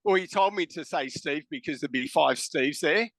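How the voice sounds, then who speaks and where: A man's voice: a little high, normal speed, fairly bright tone, no room sound. A man with an Australian accent, a podcast guest telling stories casually and bluntly, swearing freely. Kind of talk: casual storytelling.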